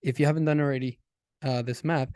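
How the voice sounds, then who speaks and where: A man teaching a casual math lesson, animated and talking directly to his students. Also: medium pitch, quick pace, clean tone, no room sound, studio quality.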